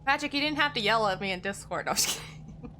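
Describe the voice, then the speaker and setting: A woman's voice: a little high, lively intonation, quick pace, sharp tone, slight background noise. A young woman streaming a game, chatting casually with a friend and her viewers and laughing often. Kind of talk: casual chat while livestreaming a game.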